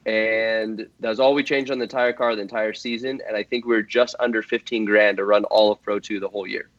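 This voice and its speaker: A man's voice: on the low side, steady tone, fairly quick, fairly bright tone, no echo, muffled recording. A man guesting on a podcast, talking earnestly and at length, with lots of fillers and restarts. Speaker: guest drift driver. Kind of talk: casual podcast chat.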